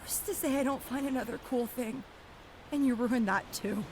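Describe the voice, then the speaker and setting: A woman voicing a hurt, jealous young female cartoon object whose voice cracks with strain when she shouts. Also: fairly high pitch, normal speed, noisy background, close to an everyday voice. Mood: hurt, angry. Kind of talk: cartoon voice acting. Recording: cartoon clip over loud music.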